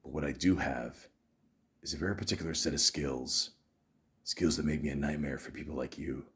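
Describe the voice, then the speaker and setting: A man doing a grim low-voiced threatening ex-agent. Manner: slow, low, menacing monotone. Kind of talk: film-line impression.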